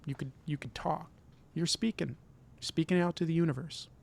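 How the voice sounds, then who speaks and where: A man's voice: fairly high pitch, steady tone, normal speed, creaky. A middle-aged man from Michigan hosting his own vlog, giving an earnest, encouraging motivational talk and often repeating himself. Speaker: vlog host.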